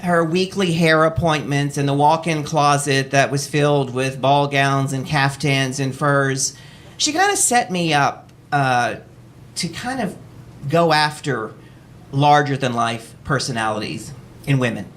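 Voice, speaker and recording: A man from Texas hosting a live storytelling show in a cabaret, telling a personal story in a wry, animated way and often laughing as he goes. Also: medium pitch, a little slow, slight background noise. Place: cabaret stage before an audience.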